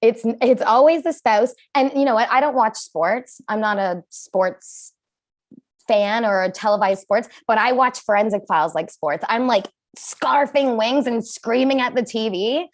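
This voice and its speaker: Female stand-up comic, self-mocking, lively punchlines, slightly high voice. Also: unhurried. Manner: self-deprecating, animated punchlines. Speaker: comedian. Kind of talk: stand-up comedy set.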